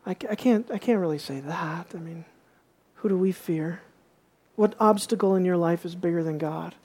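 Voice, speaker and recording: A woman's voice: fairly low pitch, normal speed, mellow. A woman preaching a sermon, reading scripture aloud with emphasis and asking her listeners questions.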